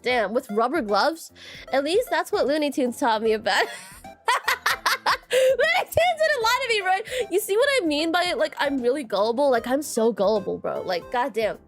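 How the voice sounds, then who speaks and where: A woman's voice: high voice, expressive, moderate pace, soft background music. A woman streaming as a VTuber, chatting casually with viewers, giggly and full of filler words and repeated phrases. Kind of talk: casual livestream chat with viewers.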